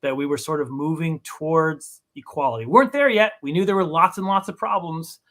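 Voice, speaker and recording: A man speaking as a podcast guest, thoughtful and halting, with many restarts. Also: on the high side, fairly bright tone. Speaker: podcast guest, comic book writer. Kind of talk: casual interview talk.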